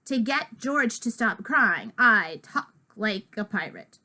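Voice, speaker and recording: Animated woman reading a storybook aloud. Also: fairly high pitch, takes it slowly. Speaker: storyteller reading a children's book. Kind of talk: storybook read-aloud, first-person child narrator.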